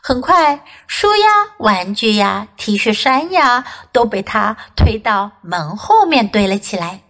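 A woman English teacher, whose first language is Chinese, reading a children's story aloud in two languages with a clear, sing-song manner for small children. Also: medium pitch, very animated, measured pace, a bit bright.

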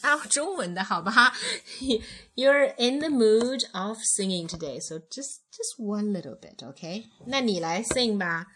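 Gentle woman coaching a child. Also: mid-range voice, expressive, measured pace, few pauses. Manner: gentle, coaxing teacher talk, sings along. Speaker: parent teaching a children's song. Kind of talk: bilingual kids' song lesson.

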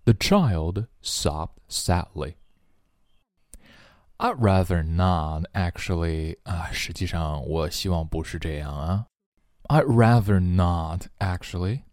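Male english teacher, slow phrase drill, lively pitch, mellow dry voice. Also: dry recording. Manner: says each English phrase slowly twice, explains in Chinese between; acts out the feeling of each phrase.

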